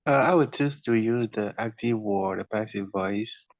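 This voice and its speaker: A man's voice: fairly low pitch, moderate pace, no room sound. A male student giving short, hesitant answers in class.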